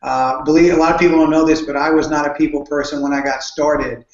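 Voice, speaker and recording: Man, high-pitched, earnest storyteller, restarts sentences, echoey room. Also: little pitch movement, quick pace. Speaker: guest speaker on network marketing. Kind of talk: conversational interview answers. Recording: dull, roomy sound.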